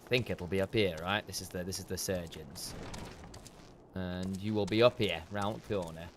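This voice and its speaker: A man's voice: deep voice, fairly even intonation, moderate pace, noisy background. Man muttering game commentary. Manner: muttering to himself while playing. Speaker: streamer. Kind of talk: gameplay commentary.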